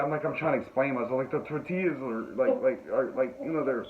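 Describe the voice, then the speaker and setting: Here a man with a medium-pitched voice talks at a quick pace as he hosts his podcast. His comic story rambles, punctuated by laughs and jokes at his own expense. The recording has a tinny, phone-like quality and slight noise.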